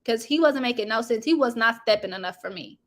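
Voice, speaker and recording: A woman hosting a casual reality-TV gossip chat, animated and chatty, talking straight to her viewers. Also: fairly high pitch, quick pace. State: sniffling from allergies. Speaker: YouTube commentary host.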